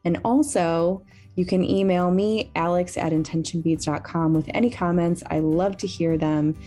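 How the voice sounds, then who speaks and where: A woman hosting a podcast, chatting gently and signing off to listeners. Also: on the low side, fairly even intonation, normal speed, faint music behind. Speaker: podcast host. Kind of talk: casual chat and sign-off.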